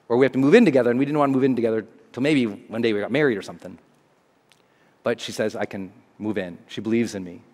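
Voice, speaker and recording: A man who works as a motivational speaker tells a personal story to a live audience, acting out scenes with big jumps in his voice. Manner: animated, acts out scenes with big pitch jumps. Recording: echoey hall.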